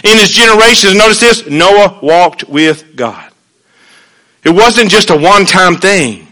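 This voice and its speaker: A man preaching a sermon in an earnest, conversational way, swinging between hushed and emphatic, with folksy asides. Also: high-pitched, animated, unhurried, low-quality recording.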